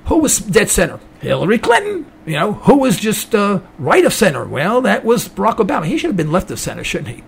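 A man's voice: high voice, wildly swooping pitch, brisk, vocal fry, few pauses, husky. An American man hosting an online talk radio show, delivering an indignant political monologue. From United States. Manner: indignant, ranting, mocking quoted voices.

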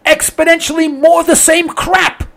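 High, gravelly man ranting. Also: flat delivery, measured pace, a bit bright. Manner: emphatic, repetitive, blunt, sarcastic. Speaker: political commentator. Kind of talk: ranting monologue.

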